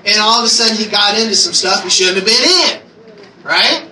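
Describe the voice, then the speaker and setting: A man sharing a personal testimony in church, telling his story in an animated way and acting out his own prayers. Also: sits high, brisk. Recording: echoey room from far off, noisy ambience.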